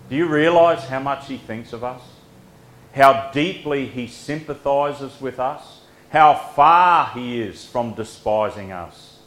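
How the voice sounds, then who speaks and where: A man preaching a devotional sermon in a gentle, earnest way, letting his phrases fall soft at the ends. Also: mid-range voice, echoey room, low-quality recording.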